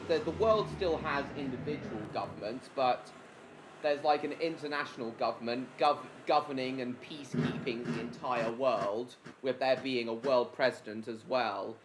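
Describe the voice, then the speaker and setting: Guy on a game stream chatting away, keeps calling out viewer names, rambly, says basically a lot, average pitch. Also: background noise. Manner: chatty, answers viewers by name mid-sentence; rambling with repeated fillers like basically and reckon. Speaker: live stream host. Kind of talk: casual live stream chat.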